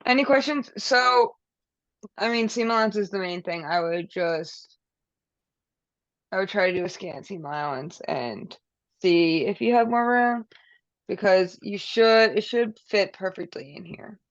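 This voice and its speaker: A woman's voice: mid-range voice, unhurried, dry recording. A woman teaching quilting in a live online session, talking casually while she demonstrates at her table. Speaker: quilting instructor. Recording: dull lo-fi sound.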